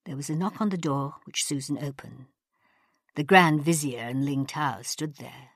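A woman narrating an audiobook in a measured storytelling manner. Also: very deep voice, breathy edge, no echo, clean studio sound. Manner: measured storytelling, voices characters. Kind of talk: scripted narration.

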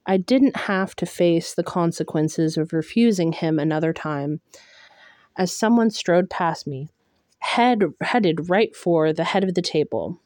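An audiobook reader narrates a first-person novel, her reading measured and steady. She has a lowish, mellow voice and a slow pace, recorded dry and close with no room sound at all.

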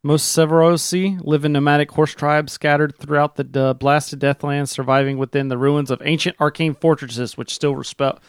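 A man's voice: fairly high pitch, fairly even intonation, moderate pace, few pauses, smooth, dry recording, studio quality. A man running a tabletop game, explaining the rules casually with many fillers. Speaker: game master.

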